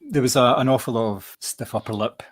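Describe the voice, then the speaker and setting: A man's voice: mid-range voice, fairly quick. A man co-hosting a podcast, reviewing films in casual chat, often repeating words while he thinks. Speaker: podcast co-host.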